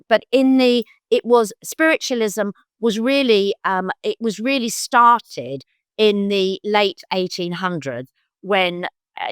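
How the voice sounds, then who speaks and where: A woman's voice: no echo, studio quality. An older woman with a London accent, a psychic guest telling stories in a casual chat, acting out other people's voices as she goes. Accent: London English. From London, England. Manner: animated, acts out quoted voices in bursts of high pitch. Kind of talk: conversational storytelling.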